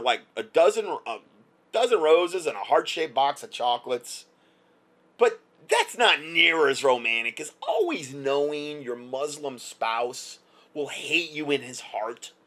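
A man's voice: mid-range voice, fairly bright tone. A male commentator delivering a heated, sarcastic opinion rant, stumbling through repeated restarts.

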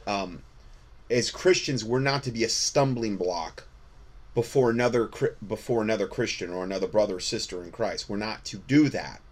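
Low-voiced man giving Christian commentary. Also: normal speed. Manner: conversational, repeats words and restarts, preaching tone. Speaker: host. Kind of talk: casual commentary.

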